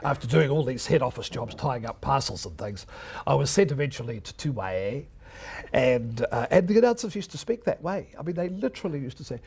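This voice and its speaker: An older man lectures broadcasting students about his early radio days. His husky voice rises and falls with lively, animated pitch as he slips into impressions of stiff old announcers. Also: brisk. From New Zealand. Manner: anecdotal, mimics old announcers, chuckles often. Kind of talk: reminiscing lecture.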